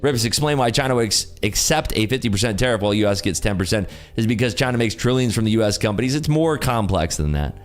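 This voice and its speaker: A man's voice: on the low side, animated, fast talker, hardly any pauses, faint music behind. A tired man hosting a day-trading livestream, joking and reading chat aloud in casual talk.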